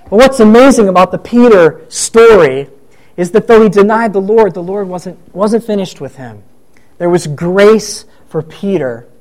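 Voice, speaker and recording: A high-voiced man preaching in a relaxed, conversational way. He retells the story and slips into the voices of the people in it as he goes. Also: rough recording. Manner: conversational, acts out quoted voices. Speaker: pastor. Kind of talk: sermon.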